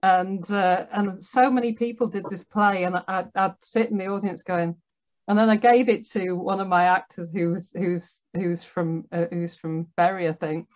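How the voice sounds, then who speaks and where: A woman's voice: fairly low pitch, fairly even intonation, normal speed, a little mellow, muffled recording. A woman with a Northern English accent, hosting an interview in a chatty way and laughing often. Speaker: host. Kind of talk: casual interview chat.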